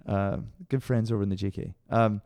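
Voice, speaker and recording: On the low side and a little fast, a Canadian man co-hosts a podcast, animatedly telling stories in casual chat, doing the voices of people he quotes, and laughing frequently. It's clean studio sound with no echo.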